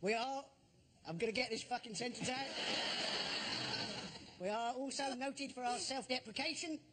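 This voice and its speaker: A man delivering a deadpan, sweary stand-up routine as a panellist on a TV panel show. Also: very high voice, normal speed. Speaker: comedian panellist. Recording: TV studio audience noise.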